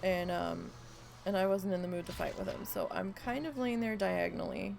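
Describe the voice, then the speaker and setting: Stuffy-voiced woman rambling on a stream, gravelly. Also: mid-range voice, moderate pace, slight background noise. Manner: rambling storyteller, animated when quoting her dog. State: stuffy, losing her voice from allergies. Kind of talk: casual chat during a live game stream.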